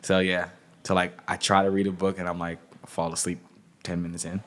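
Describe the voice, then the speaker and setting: A man's voice: deep voice, flat delivery, a little fast, fairly bright tone, a little hiss or hum. A man talking casually as an interview guest, loose and profane, with lots of "like" and "you know.". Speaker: music industry guest.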